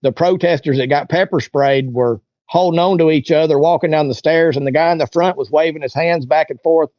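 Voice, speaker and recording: A man with a slightly high voice tells a story fairly quickly as an interview guest, acting out the voices of the people he quotes. It's casual storytelling, and the recording is dry, dull, and lo-fi.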